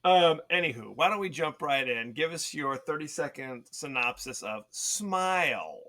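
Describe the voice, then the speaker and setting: A man's voice: on the high side, expressive, unhurried, sharp tone. A man co-hosting a podcast in casual chat, talkative and leading the segments, laughing often. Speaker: podcast co-host.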